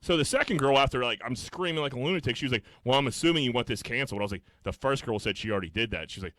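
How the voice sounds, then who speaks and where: A man co-hosting a podcast, telling a story in a casual, swearing, animated way and acting out his own lines. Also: mid-range voice, racing, slight background noise. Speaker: podcast co-host.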